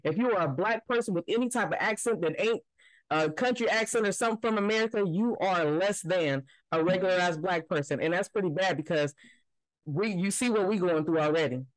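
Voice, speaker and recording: A podcast co-host in casual chat, telling stories with heavy emphasis and plenty of swearing. The voice sits at a middling pitch and is recorded dry and close, with almost no room sound. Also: brisk, no room sound, low-quality recording. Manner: emphatic, profane storytelling.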